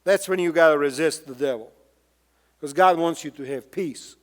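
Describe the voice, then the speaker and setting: Man, high voice, pastor's sermon, emphatic, rhetorical questions, long church-hall reverb. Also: normal speed. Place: church sanctuary.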